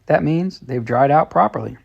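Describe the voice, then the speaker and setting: A man's voice: a little high, animated, normal speed, vocal fry, breathy edge, muffled recording. A man reading a children's story told in letters, in plain, friendly storytelling. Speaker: storybook reader.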